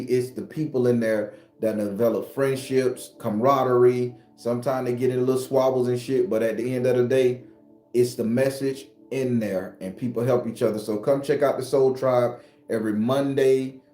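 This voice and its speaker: A man's voice: mid-range voice, dark tone. Rambling man in a roomy echo. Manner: loose, rambling, profane, talks to viewers. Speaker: spiritual live-stream host. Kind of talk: casual live-stream chat. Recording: roomy echo, faint music behind.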